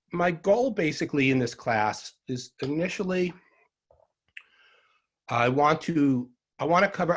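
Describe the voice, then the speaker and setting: A man's voice: lowish voice, husky. An older man with a Long Island New York accent giving an online herbal medicine lecture, dry and sarcastic, rambling with frequent ums and asides.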